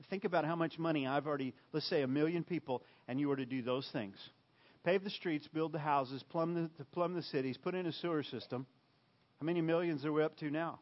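A man's voice: on the high side, brisk. Emphatic preacher man, dull lo-fi sound. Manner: emphatic, repetitive, swings between loud and hushed. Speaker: pastor. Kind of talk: sermon.

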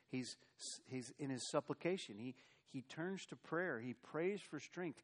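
Male pastor, mid-pitched voice, sermon delivery with strong swings in intensity. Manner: preaching with rising and falling intensity, quoting scripture.

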